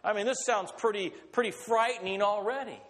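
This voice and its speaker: High-voiced animated preacher in a reverberant hall. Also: male voice, moderate pace. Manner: animated, self-correcting, asides to the congregation. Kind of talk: sermon with scripture reading.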